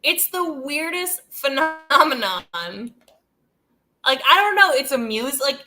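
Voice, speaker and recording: A woman's voice: high voice, animated, slow pace. A woman host chatting casually and loosely, peppering her talk with "like" and "dude" and laughing between thoughts. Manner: rambling, heavy use of "like" and "dude". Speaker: channel host. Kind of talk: casual commentary chat.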